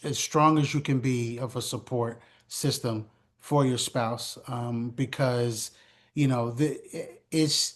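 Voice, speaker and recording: Guy on an interview talking about his wife, halting, lots of fillers. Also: mid-range voice. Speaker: interview guest, spouse. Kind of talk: reflective interview answer.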